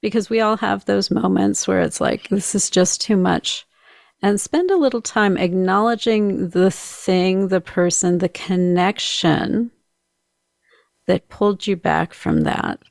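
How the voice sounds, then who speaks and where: A woman hosting a talk show, speaking in a gentle, affirming way and inviting the listeners to reflect. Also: medium pitch, a little slow, gravelly, no echo, studio quality. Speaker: podcast host.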